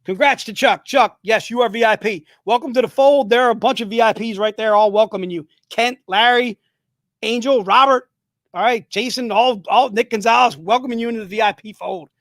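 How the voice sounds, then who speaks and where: A man runs a live sales stream in a high, bright register, cracking jokes and pushing every item with hyped, rapid-fire patter. He talks casually and keeps the energy up, and the sound is dry and close with no room echo.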